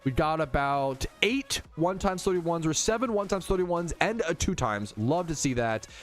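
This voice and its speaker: Young male game streamer, casual and profane, slightly high pitch, faint music bed. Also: expressive, normal speed, fairly bright tone. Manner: chatty, profane, reads out chat messages. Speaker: gaming streamer. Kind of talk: casual livestream commentary.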